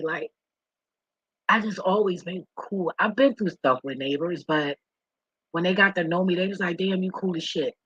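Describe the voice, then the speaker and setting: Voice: mid-range voice, a bit bright, breathy edge, no room sound, muffled recording. A vlogger talking straight to viewers in a rambling, profane and emotional way. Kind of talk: candid monologue to viewers.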